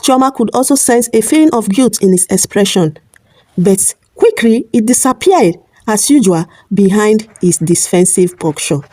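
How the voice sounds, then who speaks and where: A woman narrates a family folktale as host of a storytelling channel, in a steady mid-range voice. Her delivery is plain, with occasional small slips. The sound is dry and close. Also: medium pitch, moderate pace, dry recording.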